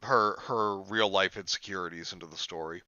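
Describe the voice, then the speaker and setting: A man's voice: deep voice, fairly even intonation, normal speed, bright, forceful tone, dry recording, highs cut off. A man co-hosting a podcast, reading a horror story aloud with sarcastic asides. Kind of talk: casual read-along with jokes.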